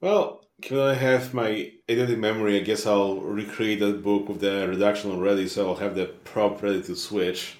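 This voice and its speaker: A man's voice: on the low side, steady tone, normal speed, hardly any pauses, echoey room. A man speaking plainly as a player in a tabletop game. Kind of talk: casual tabletop game chat.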